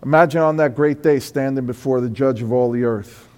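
A pastor preaching a sermon in a church, moving between quiet confession and loud, high-pitched exhortation. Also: male voice, fairly quick, long reverb tail. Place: church sanctuary.

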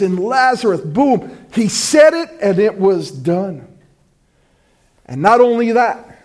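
Man, pastor preaching, high voice, slow deliberate delivery, emphatic, loud then hushed. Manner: emphatic, shifts between loud proclaiming and hushed asides. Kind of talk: sermon.

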